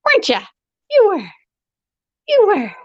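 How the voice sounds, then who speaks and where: A woman's voice: very high voice, wildly swooping pitch, measured pace, no echo. A woman talking baby talk to her pets, cooing in a sing-song way as she hosts her pet vlog at home. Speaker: pet channel host. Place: indoors at home among animal cages. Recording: dull lo-fi, dry sound.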